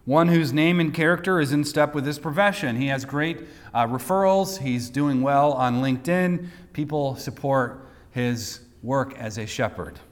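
A man's voice: fairly high pitch, fairly bright tone. A man preaching a sermon, teaching through a passage with light asides and repeated words. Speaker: pastor. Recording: long hall reverb.

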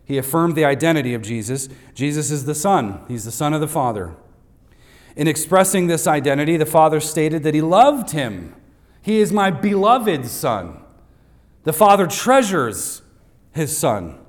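In a church sanctuary, a pastor with a fairly high, very animated voice preaches a Father's Day sermon at a moderate pace. He stresses and repeats his main points emphatically for note takers, adding light humor aimed at the congregation.

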